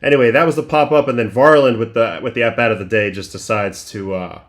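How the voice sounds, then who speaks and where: Man breaking down baseball pitches casually. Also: fast talker. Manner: conversational, thinks aloud, many restarts and fillers. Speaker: livestream host breaking down game film.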